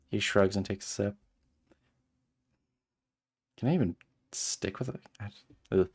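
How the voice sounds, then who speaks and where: A man streaming a visual novel, reading its narration aloud between animated, exasperated asides. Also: low voice, moderate pace, pauses often.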